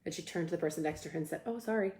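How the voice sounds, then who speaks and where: A woman's voice: low voice, little pitch movement, racing, darkish tone, roomy sound. A young woman hosting a casual live stream, reading viewer comments aloud and reacting with upbeat energy. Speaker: host.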